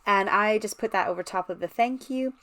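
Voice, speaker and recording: A woman's voice: medium pitch, brisk, a bit bright. A woman hosting a casual card-making tutorial, talking chattily and enthusiastically straight to the viewer as she shows her work. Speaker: card-making channel host. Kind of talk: casual craft tutorial walkthrough.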